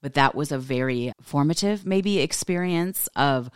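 Podcast host, woman, forties, low voice, animated and laughing, dry close sound. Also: fairly quick, few pauses, smooth, no room sound. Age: 40s. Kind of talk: casual storytelling monologue.

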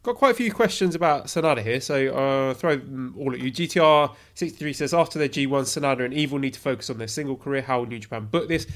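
Male podcast host, mid-pitched, plain and even question reader. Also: fast talker, few pauses. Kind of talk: casual interview questions.

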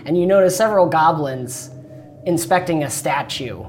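A woman's voice: low-pitched, expressive, moderate pace, a little mellow, a little hiss or hum. A woman narrating as game master of a tabletop game, descriptive, with frequent laughs and loose restarts.

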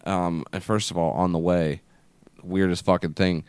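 A man co-hosting a podcast, telling long, rambling anecdotes full of swearing and filler words. His voice is very deep and smooth. The recording is dry and close. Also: fairly even intonation, normal speed, darkish tone, dry recording. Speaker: podcast co-host. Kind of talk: casual chat.

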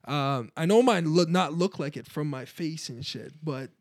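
Young guy hosting a loose chat, swears a lot, laughs, voice a bit high. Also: moderate pace, no echo. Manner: animated, swearing, laughing often. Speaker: podcast host. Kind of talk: casual group chat.

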